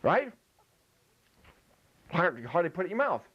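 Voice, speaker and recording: A man's voice: high voice, sing-song, measured pace, breathy edge, highs cut off. A man giving a playful comic lecture, joking while he demonstrates ventriloquism with food in his mouth.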